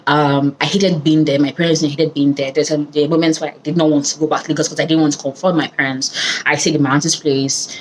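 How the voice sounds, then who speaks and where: A young woman with a Nigerian accent tells a funny story to her viewers, animated and quick to laugh, dropping into Pidgin now and then. Her voice sits a little low, with a faint hiss in the background. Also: poor audio. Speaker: vlogger. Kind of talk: casual storytelling.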